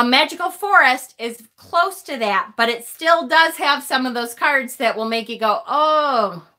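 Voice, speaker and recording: Bright, high-voiced chatty woman livestreaming. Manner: chatty and self-deprecating, laughs often, swears casually. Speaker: tarot reader hosting a livestream. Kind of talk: casual livestream chat, reading viewer comments.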